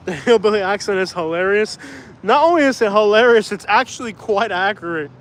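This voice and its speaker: A man's voice: high-pitched, animated, brisk, fairly bright tone. A man chatting casually on a livestream, rambling and laughing as he talks. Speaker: vlogger, livestream host.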